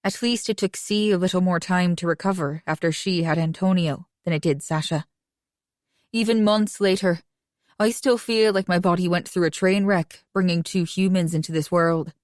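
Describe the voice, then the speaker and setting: A woman reading a romance audiobook in first person with an even, conversational delivery. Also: fairly low pitch, moderate pace, no room sound, clean studio sound. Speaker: audiobook narrator.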